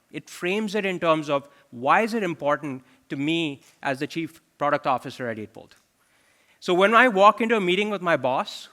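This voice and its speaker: A man in his forties delivers a keynote from a conference stage, with a bright, slightly high voice. He talks in a loose conversational way and keeps turning to the audience with questions. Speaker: chief product officer giving a keynote. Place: large conference hall.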